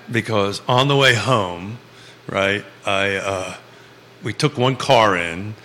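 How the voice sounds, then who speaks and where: A middle-aged man with a fairly low voice, chatting loosely on a live talk show. He rambles and restarts, pokes fun at himself and laughs easily. The sound carries a long reverb from the set. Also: slow pace, sharp tone, slight background noise. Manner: rambling, self-mocking storyteller with many restarts. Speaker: show host. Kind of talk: casual live chat show banter.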